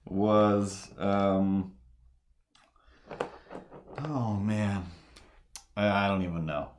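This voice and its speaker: A man's voice: deep voice, extremely slow, pauses often, slight background noise. A man chatting loosely on a live stream, telling rambling stories full of fillers and restarts. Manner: meandering, filler-heavy storytelling.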